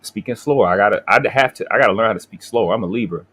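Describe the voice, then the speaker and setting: Fast-talking Baltimore man ranting. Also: on the low side, fairly bright tone, husky. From Baltimore, USA. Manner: profane, boastful, confrontational. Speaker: livestream host. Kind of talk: heated casual livestream rant.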